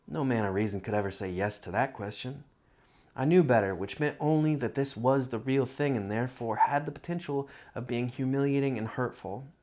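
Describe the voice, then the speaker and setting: A man reading his own literary love story aloud in a measured, reflective first-person narration. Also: mid-range voice, gravelly, a little mellow.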